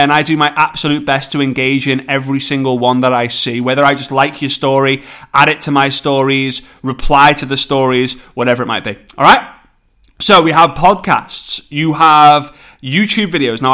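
An energetic man with a Scouse accent talks through his own motivational podcast, coaching listeners. His voice sits a little high for a man. He rushes through some phrases and then slows right down to land a point. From England. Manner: energetic, pace swings between quick bursts and slow emphasis. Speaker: podcast host and network marketing coach. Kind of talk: solo motivational podcast talk.

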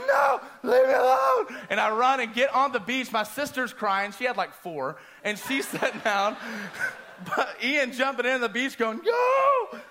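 A man preaching a sermon, telling a personal story in an animated way and acting out his own screams. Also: sits high.

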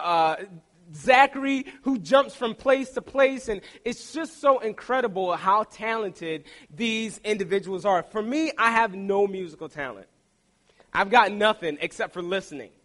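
A man's voice: high voice, a bit bright. A young man preaching a sermon, telling stories and acting out the voices of the people in them. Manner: storytelling, playful quoted voices.

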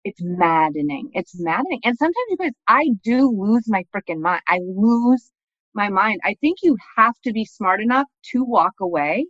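A woman in her thirties hosting a casual chat over a video call from a bedroom at home, telling stories in an animated, expressive way. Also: mid-range voice, moderate pace, no room sound. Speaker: podcast host. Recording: slightly muffled video-call audio.

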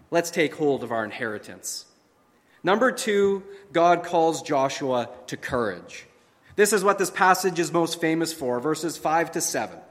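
A man's voice: a little high, a bit bright. A man preaching a sermon from the pulpit, emphatic and full of rhetorical questions and repetition. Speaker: pastor. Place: church sanctuary. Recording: long hall reverb.

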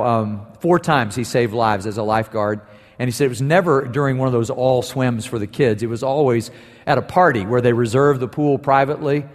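A man preaching a sermon as pastor, telling stories and building to emphatic points. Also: mid-range voice. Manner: storytelling, building to emphatic declarations. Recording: long reverb of a large hall.

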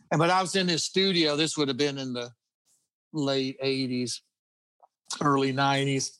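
A man's voice: medium pitch, fairly even intonation, unhurried, a bit bright, dry recording. A middle-aged man telling rambling anecdotes in a casual interview, full of restarts and chuckles. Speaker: guest guitarist.

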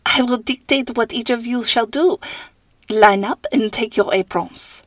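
Lady reading a haughty french cook lady, barks orders, pitched a bit up, dry close sound. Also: unhurried, no echo. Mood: stern, imperious. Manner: haughty, commanding, theatrical. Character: stern bossy French school cook woman.

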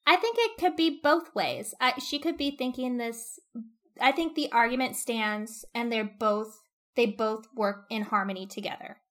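A woman with a fairly high voice talks through the plot of a classic novel in relaxed conversation. She lays out the story thoughtfully and now and then acts out a short quote. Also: moderate pace. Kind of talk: casual book discussion.

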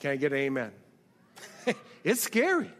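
A middle-aged man preaching a sermon as pastor, calling out questions to the congregation and building to shouts. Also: a little high, huge pitch swings, normal speed. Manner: call-and-response preaching, rises to shouts. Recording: long hall reverb.

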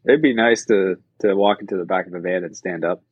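A man co-hosting a casual chat, telling stories in an animated way and laughing often. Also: deep voice, fairly quick, breathy edge, dry recording, dull audio. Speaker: podcast co-host.

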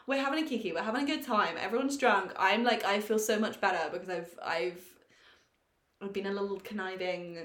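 Animated woman telling a story. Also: mid-range voice, brisk, roomy sound. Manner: animated, swearing, self-mocking storyteller. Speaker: podcast co-host. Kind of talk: casual storytelling chat.

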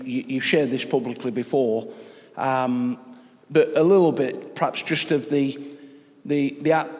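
A man interviews a guest in a church, stumbling and restarting his questions. His voice is middle-pitched. It carries a long reverb from the hall. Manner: hesitant, halting questions.

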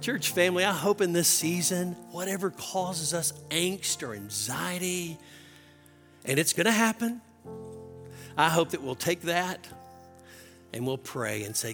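A man's voice: high voice, expressive, a little slow, long pauses, big-room sound, music in the background. A man preaching a sermon as pastor, earnest and building to impassioned emphasis.

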